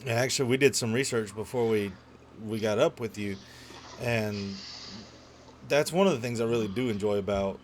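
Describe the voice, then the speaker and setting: A man's voice: fairly low pitch, normal speed, slight background noise. A man hosting a casual gaming podcast, bantering and joking loosely with his guests. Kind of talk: casual chat.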